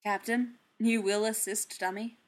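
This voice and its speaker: A woman voicing a hearty male warrior who speaks loudly and formally. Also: mid-range voice, flat delivery, unhurried, lightly acted. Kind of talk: audiobook character reading.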